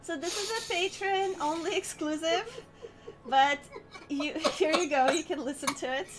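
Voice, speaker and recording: A woman's voice: very high-pitched, measured pace, faint music behind. A woman hosting a game stream, chatting casually in a giggly, bubbly way and laughing often.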